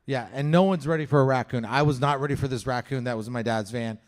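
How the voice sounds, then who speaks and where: A Canadian man with a fast, mid-range voice performs a stand-up set before a live audience at a comedy venue. He tells a story loaded with swearing and acts out the different voices.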